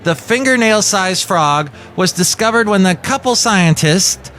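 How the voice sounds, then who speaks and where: A man's voice: sits high, animated, unhurried, a bit bright. A man hosting a jokey podcast, rambling with fillers and asides. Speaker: podcast host. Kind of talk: comic podcast chat.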